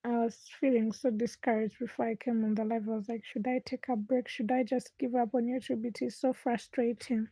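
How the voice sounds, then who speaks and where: A woman's voice: fairly high pitch, flat delivery, a little fast, few pauses, warm tone, husky, dry recording. Chatty woman live streaming at home. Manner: chatty, talks to viewers while busy, drops to whispers at times. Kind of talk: late-night live stream chat while doing chores. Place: home at night.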